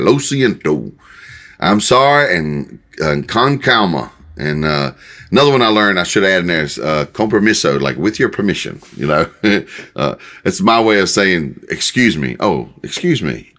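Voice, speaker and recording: An older male pastor speaks in a loose, conversational sermon style, stopping and restarting his phrases often. His voice sits fairly low but has a bright, forceful edge. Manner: folksy, halting, many restarts and fillers. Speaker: pastor and Bible teacher.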